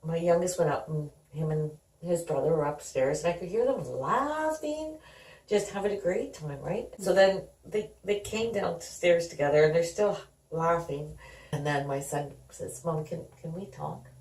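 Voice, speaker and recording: A woman's voice: lowish voice, a little slow, a little mellow. A middle-aged woman telling her family's story in an interview, conversational and acting out the dialogue. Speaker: guest. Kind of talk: candid personal storytelling. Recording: roomy sound, distant from the mic.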